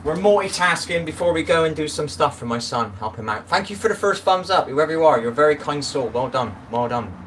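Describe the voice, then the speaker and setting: A middle-aged man chats loosely on a live stream, drifting between asides and greeting viewers by name. He sounds set back from the phone mic, with clear background noise around him. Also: a little high, expressive, fairly quick, hardly any pauses, fairly bright tone, distant mic. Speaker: livestream host. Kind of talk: casual live-stream chat.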